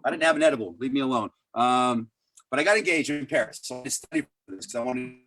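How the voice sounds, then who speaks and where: A man's voice: mid-range voice, fast, fairly bright tone. A middle-aged man doing rambling, self-deprecating stand-up over a video call, full of fillers. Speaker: stand-up comedian.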